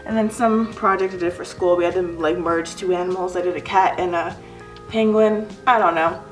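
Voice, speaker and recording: A woman's voice: fairly low pitch, steady tone, normal speed, faint music behind. A young woman giving a casual, self-mocking tour of her home art studio, chatty and giggly. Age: young adult. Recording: echoey room.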